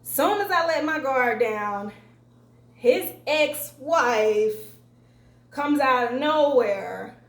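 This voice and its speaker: A woman's voice: high voice, drawn-out words. A young woman telling a story on her vlog, casual and profane, acting out quotes along the way. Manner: profane, animated retelling with acted-out quotes. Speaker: vlogger. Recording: echoey room, faint ambience.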